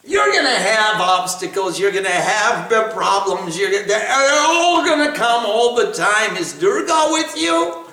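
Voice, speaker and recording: Male spiritual teacher, bright and unhurried, recorded distant in an echoey room. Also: high voice. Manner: animated storytelling with laughs. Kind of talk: devotional talk with questions. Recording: echoey room, away from the mic.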